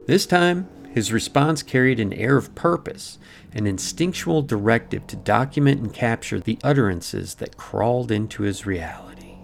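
A man's voice: medium pitch, lively intonation, normal speed, gravelly. A man hosting a podcast, telling a mystery story in dramatic, ornate scripted narration. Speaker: podcast host. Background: faint music.

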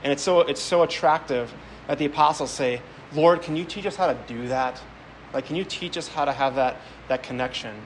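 A man's voice: fairly high pitch, brisk, slight background noise, low-quality recording. A man preaching a homily as a priest, speaking conversationally, telling stories and often repeating words as he goes. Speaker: Catholic priest.

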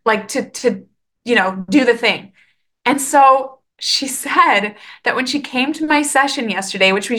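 Upbeat woman podcaster, bright higher voice, earnest, chatty, lively restarts; casual faith talk. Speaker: podcast host.

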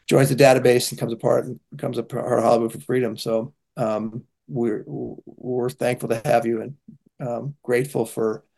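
A male guest on a podcast, talking earnestly and haltingly with frequent restarts. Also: medium pitch, flat delivery, gravelly, mellow. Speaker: guest, organization founder. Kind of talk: interview conversation.

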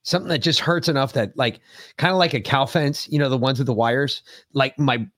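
A man's voice: mid-range voice, brisk, a bit bright, no room sound, studio quality. A man hosting a podcast in casual chat, rambling and profane as he tells stories. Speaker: podcast host.

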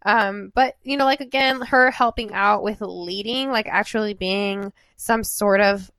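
A woman's voice: mid-range voice, fairly even intonation, a little slow, a bit bright, dry recording. A young woman co-hosting a podcast, chatting casually with friends and filling her talk with "like". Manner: chatty, uses "like" often. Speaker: podcast co-host.

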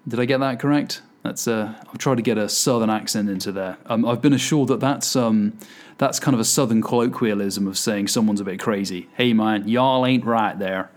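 A man's voice: on the low side, a little fast, darkish tone. Chatty man hosting a podcast. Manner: chatty and self-deprecating, with fillers. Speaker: podcast host. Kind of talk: casual solo podcast monologue.

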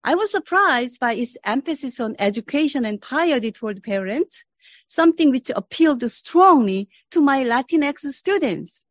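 Earnest woman, professor at a lectern, deliberate reflective delivery, dry room. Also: high-pitched, expressive, dry recording. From Korea. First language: Korean. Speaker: professor giving a presentation. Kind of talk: formal spiritual presentation.

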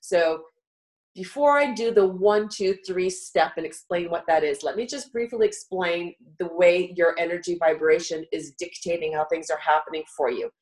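Middle-aged woman, live-show guest, coaching warmly step by step, slightly low voice. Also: moderate pace, low-quality recording. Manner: earnest coaching, walks listener through steps. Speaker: guest speaker. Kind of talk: live talk show teaching.

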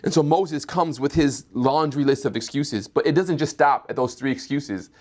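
A man preaching a sermon, voicing Moses and God in lively back-and-forth and building in pitch as he goes. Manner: acts out Moses and God in quick dialogue; rising to a higher, louder pitch as he builds.

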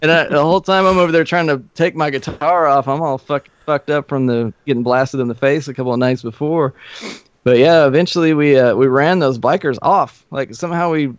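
A man's voice: on the high side, brisk, smooth, no room sound. A man who plays in a band, guest on a podcast, telling loose, profane stories and acting out the voices of people in them. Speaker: guest musician. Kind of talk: casual storytelling chat. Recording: dull, muffled podcast audio.

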